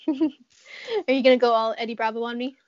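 A woman's voice: a little high, little pitch movement, brisk, muffled recording. A young woman chatting as a podcast guest, giggling often and searching for words. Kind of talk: casual chat.

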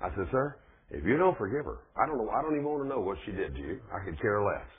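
A man preaching a sermon in a folksy, conversational way, husky, pushing hard on key points. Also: lowish voice, sing-song, quick pace. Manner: folksy, conversational preaching with plain speech and rising emphasis. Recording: phone-like, thin lo-fi recording.

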